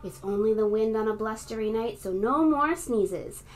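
A woman's voice: fairly high pitch, animated, normal speed, lightly acted. A woman voicing a puzzled, sneezy big male bear who insists he is to blame, in a storybook reading. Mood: mild. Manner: insistent, ends lines with loud sneezes.

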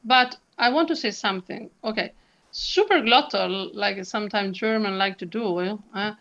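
A woman's voice: mid-range voice, normal speed, a bit bright, muffled recording. A woman, a soprano and vocal coach, talking expressively in an interview and demonstrating sounds. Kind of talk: animated interview chat.

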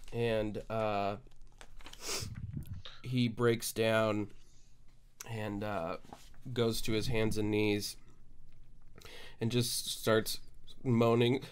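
A man narrating as game master, halting and full of fillers. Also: fairly low pitch, level tone, smooth.

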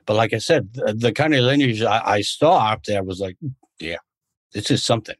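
This time the American podcast guest, a martial arts instructor, talks a little fast in a lowish voice. The conversation is casual, his stories ramble, his sentences restart frequently, and the recording is dry.

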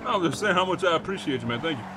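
A man's voice: high-pitched, lively intonation, rapid-fire, noisy background. A man roleplaying a character in a game, talking in slang, laughing and protesting a lot. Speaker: roleplay streamer.

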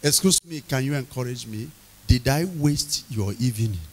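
A man preaching an evening sermon, emphatic, repeating key phrases, questioning the congregation and bursting into loud shouted lines. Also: medium pitch, normal speed.

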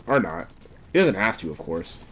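A young man streaming a game, chatting casually, swearing often and breaking into laughter and excited outbursts. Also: sits low, moderate pace. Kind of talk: casual gameplay commentary.

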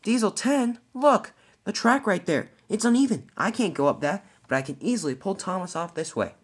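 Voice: medium pitch, animated, moderate pace, breathy edge, voice pushed up. A young storyteller voicing a kind, worried female train engine. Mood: pleading.

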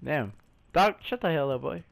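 An excitable man commenting on a game he is playing, his voice high and swinging wildly between calm murmurs and yelps. He exclaims, swears freely and calls everyone "bro". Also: moderate pace, creaky. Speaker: gaming streamer. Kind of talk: let's play commentary.

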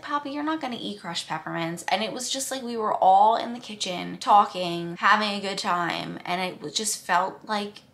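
Chatty young woman vlogging, bright voice. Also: fairly low pitch, creaky. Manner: chatty, says "like" often, drops to a whisper at times. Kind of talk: casual vlog chat.

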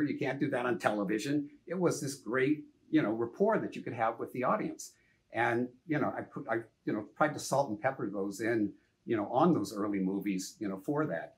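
An older man, a film director, telling anecdotes in a casual interview, lively and full of "you know" and the odd curse. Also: mid-range voice. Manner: animated, anecdotal, frequent "you know", some swearing.

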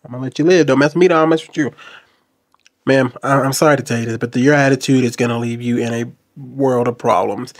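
A man commenting on a video clip to his viewers, jumping between loud outbursts and low, quiet asides. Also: fast. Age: adult. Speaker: reaction commentator. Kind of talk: casual commentary to camera.

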